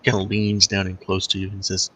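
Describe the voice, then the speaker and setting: A man's voice: low-pitched, completely flat delivery, quick pace, bright, forceful tone, husky, no echo, low-quality recording. A young man narrating as game master in a casual, joking way.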